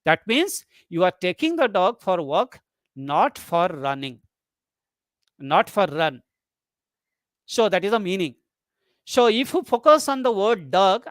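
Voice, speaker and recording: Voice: mid-range voice, very animated, measured pace, no echo, studio quality. A lecturer teaching a webinar, explaining step by step, repeating key terms and reading example sentences aloud. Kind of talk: webinar lecture on English intonation. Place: online webinar.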